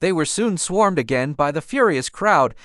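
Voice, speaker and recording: A man's voice: a little high, lively intonation, moderate pace, a bit bright, no room sound, clean studio sound. A man narrating a dramatic first-person story in a vivid, dramatic telling.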